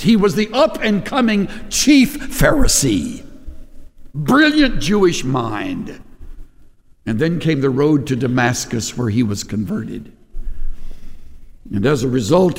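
A man preaching a sermon to his congregation, animated, acting out quoted voices with big swings in pitch. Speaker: pastor. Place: church sanctuary. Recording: long reverb of a large hall.

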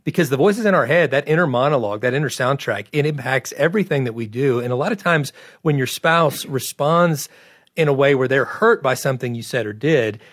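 Man, mid pitch, dry close sound, co-host, earnest explainer. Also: animated, brisk, fairly bright tone, no echo. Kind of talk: conversational interview.

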